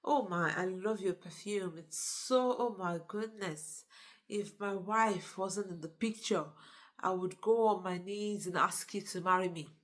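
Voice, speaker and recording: A woman doing a gushing flatterer. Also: medium pitch, unhurried, natural voice. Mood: flattering. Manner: gushing, sweet-talking. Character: smooth-talking flattering married man.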